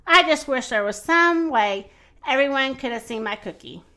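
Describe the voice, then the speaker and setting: A woman's voice: sits high, animated, moderate pace, bright, forceful tone, exaggerated voice. A woman doing a proud fussy baker man. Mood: rueful. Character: fussy middle-aged male baker, proud of his cookie.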